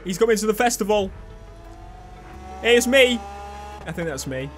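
A young man with a high voice chatters eagerly over his gameplay, joking and talking back at the screen. Faint game music plays underneath. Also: normal speed. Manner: excitable, chatty, jokey, talks back to the game. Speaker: gaming video host. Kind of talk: let's play commentary.

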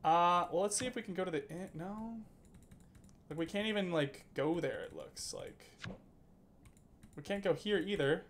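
A man's voice: sits high, very animated, moderate pace, pauses often, a bit bright, slight background noise. A man streaming a video game, chatting casually, reading game text aloud, laughing and swearing now and then. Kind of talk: casual gameplay commentary.

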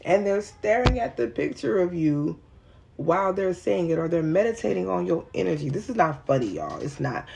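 A woman runs through a tarot reading in a loose, rambling way, talking straight to her viewers with plenty of slang. Her voice sits low and has a gravelly, fry-heavy texture. A faint hiss runs under the recording. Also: big pitch swings, moderate pace. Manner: informal and slangy. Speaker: tarot reader. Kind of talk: casual tarot reading to camera.

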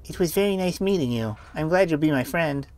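A lonely, earnest little girl of nine, as a man puts her on, raised well above his own pitch and often hushed. She chatters in a prim, formal way. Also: lively intonation, a little fast, close to an everyday voice.

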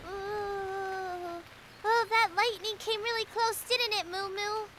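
A cheery little cartoon friend with a very high, bright voice. She draws her words out slowly and playfully, over faint rain noise. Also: very animated, heavily acted. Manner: playful, sing-song. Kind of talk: children's cartoon voice acting.

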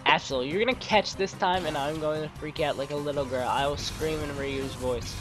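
A man's voice: fairly high pitch, moderate pace, music in the background. Rambling young-sounding man doing game commentary. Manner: chatty, rambling, restarts sentences, self-mocking. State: sore throat. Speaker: let's play commentator.

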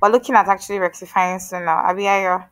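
A Nigerian woman co-hosting a podcast, talking in an animated, emphatic way with pleading asides. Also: medium pitch, fast, no room sound, rough recording. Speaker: podcast co-host. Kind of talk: casual chat.

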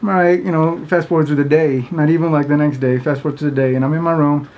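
A man's voice: a little high, fairly even intonation, fast, lo-fi sound. A man casually telling a funny story to camera, rambling with many fillers and often breaking into laughter. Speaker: vlogger.

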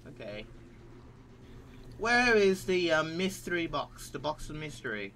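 A man's voice: fairly high pitch, sing-song, a little slow, bright, forceful tone, a little hiss or hum. A teenage male gaming host commenting nervously while he plays, panicky and jittery, with frequent nervous laughter. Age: teens.

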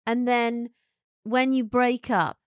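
A woman's voice: a little high, little pitch movement, slow, smooth, no echo, clean studio sound. A woman co-hosting a podcast in casual chat, a chatty, giggly storyteller who hands out frank advice. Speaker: podcast co-host.

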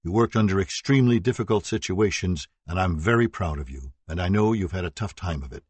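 A man voicing a judge speaking to the court in a measured, formal way. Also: deep voice, expressive, darkish tone, breathy edge, no echo. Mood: grateful.

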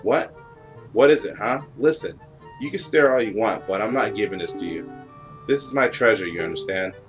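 A man's voice: lowish voice, animated, normal speed, lightly acted, poor audio. A man reading as a sulky young bird prince. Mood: defensive. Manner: petulant, proud, defensive. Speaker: game dialogue reader. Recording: game music underneath.

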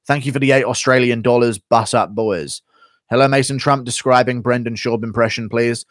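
A man's voice: medium pitch, normal speed, no room sound. A man hosting a live stream, reading out donations and answering chat questions in a blunt, profane, rambling way. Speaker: streamer host.

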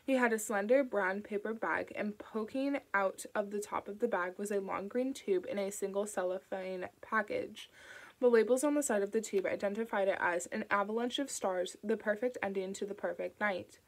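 Lady reading a novel aloud, calm and steady. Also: medium pitch, moderate pace, poor audio. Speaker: audiobook narrator. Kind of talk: audiobook reading.

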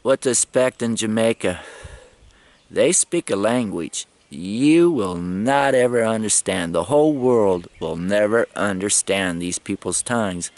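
Rambling, chuckling low-voiced man. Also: lively intonation, unhurried, darkish tone, no room sound. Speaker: travel vlogger. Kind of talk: casual travel vlog monologue.

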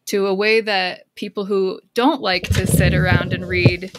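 A woman speaking as a podcast guest, thoughtful and a little rambling. She loops through ideas with lots of filler words and now and then brightens into excited emphasis. Her pitch sits in an ordinary middle range. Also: unhurried, very noisy. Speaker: guest, counselor and author. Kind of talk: casual podcast conversation.

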